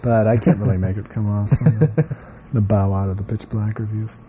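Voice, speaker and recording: A man's voice: on the low side, level tone, brisk, mellow, slight background noise. A man hosting a casual talk show, introducing segments with many hesitant "uh"s. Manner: hesitant, heavy on "uh", leads segments. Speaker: podcast host. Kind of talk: casual banter.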